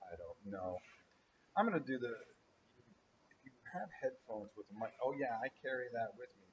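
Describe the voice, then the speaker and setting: A man hosting a casual livestream from a hospital, talking in a subdued, hushed way on a built-in computer mic. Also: mid-range voice, very animated, normal speed. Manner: subdued, keeps his voice down. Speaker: channel host. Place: indoors at a hospital. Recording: dull lo-fi stream audio with faint background noise.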